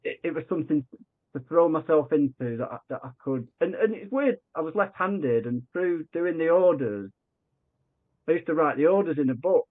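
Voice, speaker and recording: A man's voice: on the high side, moderate pace. Man on a tinny remote line. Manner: animated, acts out quoted dialogue, frequent restarts. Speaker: podcast guest. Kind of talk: conversational storytelling.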